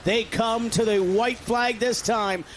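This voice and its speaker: A man giving live race commentary, building excitement on the calls. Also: extremely high pitch, slow pace, a little hiss or hum.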